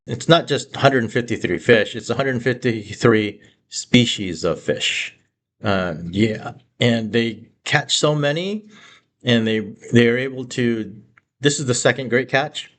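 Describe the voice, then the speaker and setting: A man giving a relaxed Bible talk, his voice sitting at an ordinary middle pitch. He rambles conversationally, often pausing on fillers and restarting his sentences. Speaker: Bible teacher. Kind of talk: casual Bible teaching talk.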